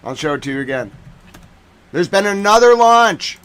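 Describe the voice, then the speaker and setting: Excitable high-voiced man streaming live. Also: moderate pace. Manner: excitable, swings between hushed and shouting; slangy, repeats phrases. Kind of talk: excited live commentary on footage.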